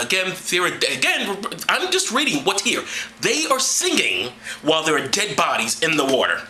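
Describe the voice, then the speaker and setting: A sarcastic man with a high, lively voice gives mocking commentary as he reads aloud. His tone is bright and sharp. The sound is roomy and echoey. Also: a little hiss or hum. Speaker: vlogger.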